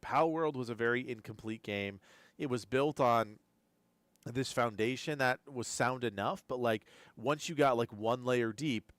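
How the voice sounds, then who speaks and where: A man's voice: mid-range voice, dry recording. Male live-stream host, drowsy and rambling reaction commentary, resonant voice with dry close sound. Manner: rambling, repeats words while thinking aloud. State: drowsy, keeps yawning. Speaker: gaming news streamer.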